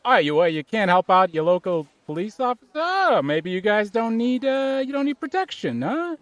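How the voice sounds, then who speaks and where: A lazy, bumbling police officer stammers through rambling excuses, his voice leaping up in pitch, as a man improvises him. He sits a little high, and the sound is close and dry. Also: very animated, moderate pace, fairly bright tone, no echo. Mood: flustered. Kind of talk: improv comedy.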